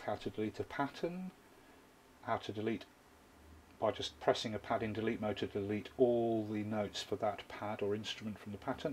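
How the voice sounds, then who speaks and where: A man's voice: on the low side, darkish tone, slight background noise. A man giving a hands-on tutorial, explaining a drum machine's sequencer step by step while he plays it. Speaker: music gear reviewer.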